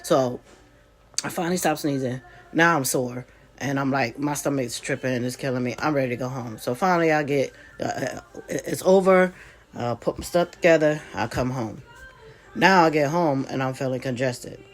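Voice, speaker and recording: A woman's voice: extremely low pitch, moderate pace. A woman vlogger with a congested voice, telling a casual story straight to her viewers with chatty, folksy asides.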